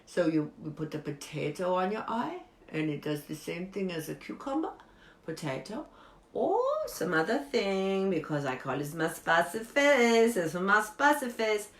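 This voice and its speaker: A woman playing an eccentric woman who gives absurd beauty tips, talking earnestly and deadpan in broken English. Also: on the low side, measured pace. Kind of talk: improvised comedy character monologue. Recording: echoey room.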